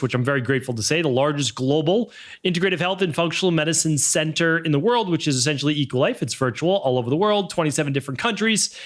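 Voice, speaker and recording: A man around fifty with a Boston accent, hosting a solo podcast in an energetic, motivational way and stretching words for emphasis. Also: fairly high pitch. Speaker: podcast host.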